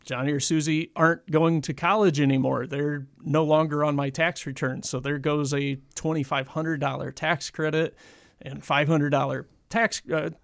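A man's voice: a little high, level tone, normal speed, creaky. A man chatting casually in a radio studio about finances.

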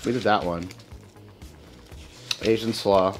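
A man's voice: fairly low pitch, takes it slowly, over music. A man co-hosting a cooking livestream, chatting casually and joking as he runs through past recipes. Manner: relaxed, jokey, lists items off. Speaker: cooking stream co-host. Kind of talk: casual chat while livestreaming.

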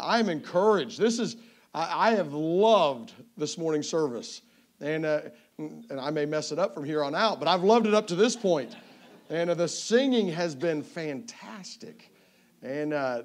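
A man from Tennessee with a Southern accent, a visiting evangelist opening a sermon in a church in a folksy, joking way, often stumbling and restarting. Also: a little high. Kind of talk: sermon introduction. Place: church sanctuary.

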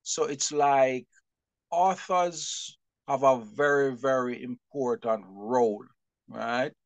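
Man, middle-aged, publisher being interviewed, animated storyteller, laughs a lot, medium pitch, dry close sound. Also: slow, no room sound. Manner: lively, expressive, laughs often. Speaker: publisher and bookseller.

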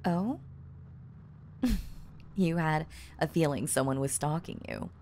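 A young woman playing an obsessive girl who has kidnapped her crush, giggling, teasing and dropping into soft whispers, in an audio role-play. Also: low-pitched, slow pace, a little hiss or hum. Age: young adult. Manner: breaks off to fix her own lines. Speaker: voice actress.

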